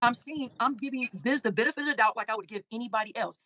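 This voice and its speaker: Woman livestream host, rapid, emotional, halting delivery, dry sound. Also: on the high side, pushed and bright, no room sound. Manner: emotional, halting, repeats words. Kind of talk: casual livestream chat reading comments.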